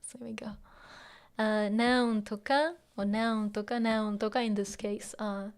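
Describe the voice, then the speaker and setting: A woman's voice: medium pitch, fairly even intonation, measured pace, clear, resonant tone. A woman teaching Japanese in a casual lesson, explaining in English with Japanese phrases mixed in, many fillers and frequent little laughs. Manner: laughs often while explaining.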